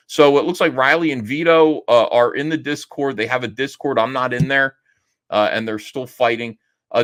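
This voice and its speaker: A man's voice: mid-range voice, fairly bright tone. A middle-aged man hosting a stream, rambling and mocking as he gives a casual, profane rant. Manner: mimics others in raised voice when quoting. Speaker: streamer host.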